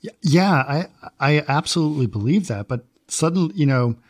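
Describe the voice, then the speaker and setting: A man's voice: a little high, lively intonation, normal speed. A man hosting an interview, asking questions in a chatty way with some hesitant restarts. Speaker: interview host. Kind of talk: casual interview chat.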